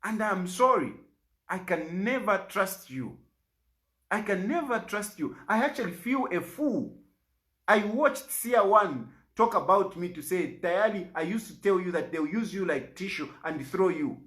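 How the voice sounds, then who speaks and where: A middle-aged Zambian man speaks with urgent, pleading force. His pitch climbs and drops widely from phrase to phrase as he presses his point. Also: animated, a little slow, pushed and bright. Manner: pleading, rises and falls sharply in pitch. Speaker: opposition party leader. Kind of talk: impassioned public statement.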